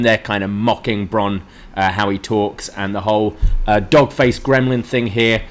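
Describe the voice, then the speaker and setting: A man's voice: on the low side, fairly even intonation, moderate pace. Guy cohosting a wrestling podcast, running down the show, doing the lines. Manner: recaps events, mimics wrestlers' lines. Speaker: co-host.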